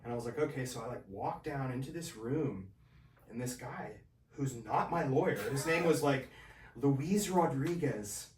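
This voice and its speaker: A man as a podcast guest, telling his own story in a casual, animated way and acting out the voices of the people in it. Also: mid-range voice, normal speed, roomy sound, distant mic, a crowd in the background. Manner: animated, acts out quoted voices.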